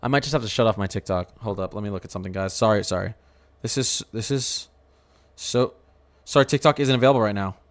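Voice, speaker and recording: A man hosting a casual weather livestream, talking to his chat in an excitable, rambling way with lots of exclamations. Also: fairly low pitch, fast talker.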